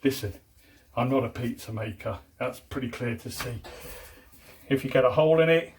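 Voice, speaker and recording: A man's voice: medium pitch, moderate pace. A middle-aged man chatting casually and joking as he gives step-by-step cooking instructions in a home kitchen. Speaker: home cook presenter. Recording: distant mic with faint background noise.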